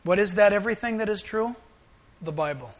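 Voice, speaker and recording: A man preaching a sermon, animated, acting out little scenes and swinging between loud outbursts and hushed asides. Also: high voice, a little fast. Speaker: pastor.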